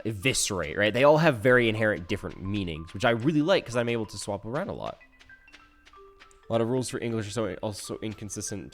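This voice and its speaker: A man streaming a game live, talking casually in a rambling, self-interrupting way full of restarts, swinging from soft mumbles to loud outbursts. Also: lowish voice. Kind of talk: casual live-stream chat while gaming.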